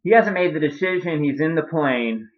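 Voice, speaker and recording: A man's voice: on the high side, expressive, normal speed. A man telling an absurd comic story in a rambling, offhand way, with crude asides. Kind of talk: comedic storytelling. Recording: dull lo-fi recording.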